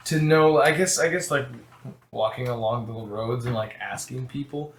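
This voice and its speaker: A man's voice: medium pitch, moderate pace. A man running a tabletop game as game master, talking casually with many restarts. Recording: echoey room.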